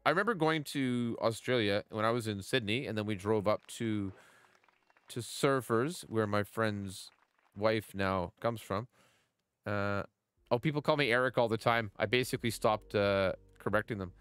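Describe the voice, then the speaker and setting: A man's voice: fairly low pitch, normal speed, a bit bright, smooth. Chatty man streaming a mobile golf game. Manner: playful, chatty, greets viewers by name. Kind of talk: casual game commentary.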